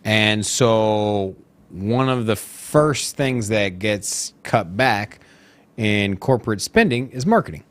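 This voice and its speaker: A man co-hosting a casual crypto news show, opinionated and expressive, often laughing along. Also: lowish voice, slow. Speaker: co-host.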